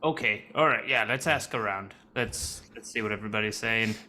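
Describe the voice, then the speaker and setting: Man, tabletop player, goofy, jokey, bright voice. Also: fairly low pitch, fairly quick. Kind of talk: casual tabletop game chat.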